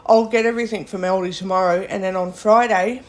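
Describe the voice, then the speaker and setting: A woman's voice: medium pitch, steady tone, brisk. A young Australian woman vlogging, thinking aloud in a chatty, rambling way with fillers and self-corrections. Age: young adult. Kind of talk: casual rambling monologue.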